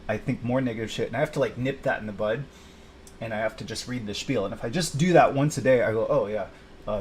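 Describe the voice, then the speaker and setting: A man's voice: mid-range voice, a little hiss or hum. A man venting in a rambling personal video, frustrated and swearing, talking to himself. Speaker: vlogger.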